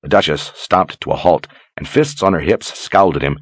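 Man, audiobook narrator, low voice, dry close recording, measured. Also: slightly rough, no room sound. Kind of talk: scripted narration.

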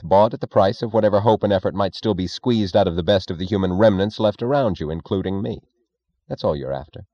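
A man's voice: sits low, mellow, no echo, lo-fi sound, close to an everyday voice. A man voicing a cold, defiant captive. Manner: measured, cold, precise. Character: calm, defiant male captive thinker. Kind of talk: audiobook character voice.

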